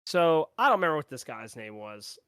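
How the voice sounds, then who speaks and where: A man's voice: medium pitch, very animated, brisk, a bit bright, clear, resonant tone, no room sound, clean studio sound. A young man co-hosting a podcast, telling a story in casual chat and laughing as he acts out the people in it. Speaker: podcast co-host.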